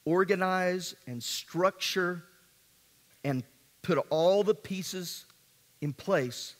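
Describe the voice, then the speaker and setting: A man preaching a sermon as pastor, swinging between hushed and emphatic delivery in a church sanctuary. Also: a little high. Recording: long hall reverb.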